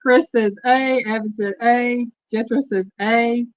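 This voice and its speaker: A woman's voice: on the high side, steady tone, slow, dry recording, highs cut off. A woman with a Southern Texas accent hosting a live stream, chatting casually and reading trivia questions aloud to her viewers. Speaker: host.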